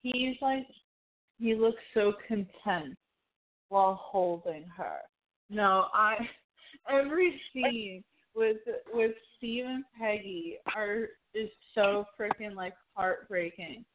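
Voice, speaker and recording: Excitable woman gushing, tinny line. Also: medium pitch, slow. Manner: gushing, excitable, quoting scenes. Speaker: podcast co-host. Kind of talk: casual chat.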